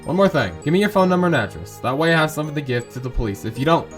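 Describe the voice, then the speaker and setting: A man voicing a gruff, stern old male shopkeeper in a game, slow and barking. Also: on the high side, big pitch swings, soft background music.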